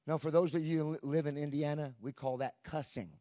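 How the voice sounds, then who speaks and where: A man preaching a fervent sermon as pastor, calling out "come on" to the church and swinging between shouts and hushed lines. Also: on the high side, fairly even intonation, a little fast, dry recording. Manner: fervent preaching with repeated "come on" call-outs. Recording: dull lo-fi, dry sound.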